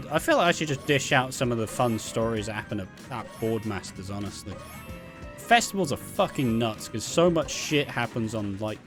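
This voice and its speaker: A young man with a Welsh accent telling rambling, sweary anecdotes, laughing as he goes. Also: medium pitch. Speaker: vlogger. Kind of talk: casual storytelling.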